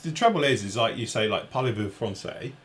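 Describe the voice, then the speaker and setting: A man's voice: mid-range voice, big pitch swings, fast, fairly bright tone, a little hiss or hum. An English man co-hosting a live chat show, rambling and poking fun at himself. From England. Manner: rambling, self-mocking, reads viewer comments aloud. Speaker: show co-host.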